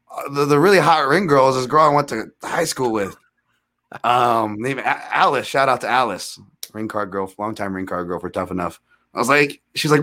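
A man in his thirties, a podcast guest telling rambling, self-deprecating fight stories with animated retellings. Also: mid-range voice, moderate pace. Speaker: guest, MMA analyst. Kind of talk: casual storytelling in a podcast interview.

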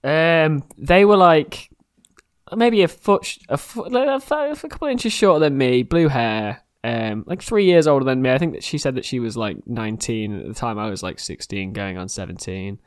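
A young man co-hosting a podcast, telling stories in a casual, animated way and laughing often. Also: medium pitch, moderate pace, smooth, dry recording, clean studio sound. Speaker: podcast co-host. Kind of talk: casual chat.

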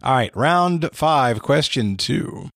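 A man's voice: mid-range voice, expressive, takes it slowly, vocal fry, fairly bright tone, no room sound, studio quality. A man hosting a casual trivia game, reading questions and teasing the players playfully. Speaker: trivia quiz host.

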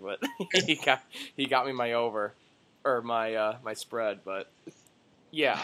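A young man co-hosting a sports podcast in casual chat, telling animated stories, swearing and acting out the voices of people he quotes. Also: mid-range voice, brisk.

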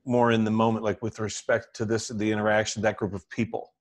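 A man hosting a podcast interview, talking in an energetic, rambling way with frequent restarts and easy laughter. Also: fairly low pitch, fairly quick. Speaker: podcast host.

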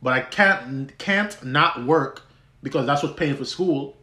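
A man's voice: mid-range voice, slow, bright, forceful tone. A young man hosting a podcast, telling a personal story in a conversational way with many restarts and easy laughs. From U.S. Virgin Islands. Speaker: podcast host. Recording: roomy echo.

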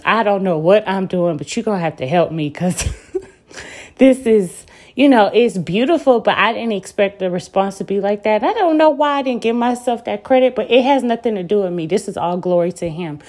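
A woman's voice: medium pitch, darkish tone. A young woman hosting a podcast, talking casually about faith and her week, chatty and often laughing. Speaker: podcast host.

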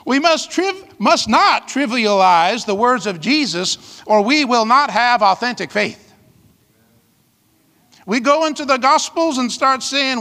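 High-pitched pastor guy preaching slow and fiery, long echo off a big church hall. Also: lively intonation, pushed and bright. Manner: emphatic, fiery preaching with call-outs to the congregation. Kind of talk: sermon. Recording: long reverb of a large hall.

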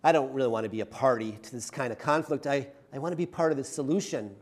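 This pastor talks fast in a medium-pitched, slightly mellow voice, preaching a chatty, conversational sermon. He pokes fun at himself and keeps checking in with the congregation, tacking "right?" onto his lines again and again.

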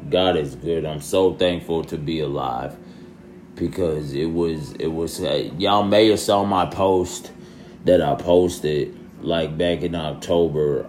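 A young man talking casually to his followers in a loose, slangy way that sometimes climbs into loud, exasperated ranting. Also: sits low, slight background noise. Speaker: social media creator. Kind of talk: casual vlog monologue.

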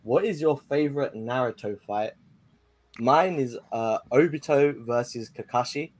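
A man calling in to a football podcast, chatty and joking in an excitable way. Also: medium pitch, unhurried, no echo. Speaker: caller. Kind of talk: casual football chat.

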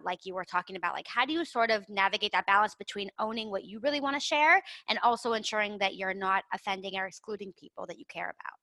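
A woman's voice: medium pitch, pushed and bright, no echo, rough recording. A woman hosting a podcast, encouraging her guest and asking long, winding questions. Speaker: podcast host. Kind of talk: casual podcast interview.

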